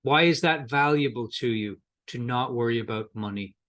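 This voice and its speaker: In a mid-range, fairly bright voice at normal speed, a middle-aged trainer runs a coaching lesson. Conversational and given to repetitions and restarts, he acts out short exchanges between coach and client.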